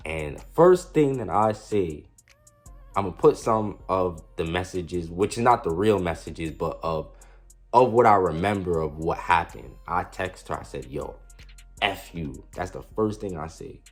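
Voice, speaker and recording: A man's voice: low-pitched, animated, measured pace, faint music behind. A young man casually telling a storytime about his past, slangy and self-mocking, with frequent restarts. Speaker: storyteller vlogger.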